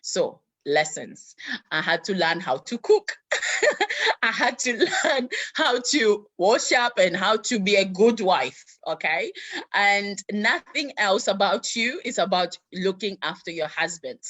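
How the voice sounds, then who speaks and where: A woman's voice: medium pitch, expressive, measured pace, a bit bright. A woman guest telling her life story in conversation, acting out the voices of the people in it. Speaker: interview guest.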